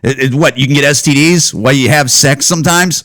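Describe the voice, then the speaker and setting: A man's voice: a little high, a little fast, hardly any pauses, a bit bright. A man hosting a podcast, ranting casually with heavy profanity and rambling asides. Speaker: podcast host. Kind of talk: casual solo podcast rant.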